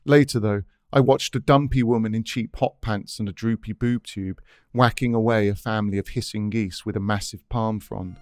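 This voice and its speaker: A man's voice: fairly low pitch, steady tone, normal speed, dry recording. A man reading his own essay aloud in a dry, wry, scripted narration.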